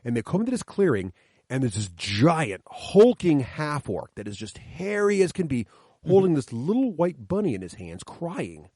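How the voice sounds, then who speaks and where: A man's voice: on the high side, big pitch swings, normal speed, darkish tone, breathy edge, dry recording, studio quality. A middle-aged man, a podcast guest, telling stories from his kids' tabletop games with enthusiasm, explaining the rules step by step. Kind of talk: animated storytelling chat. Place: coffee shop, sit-down chat.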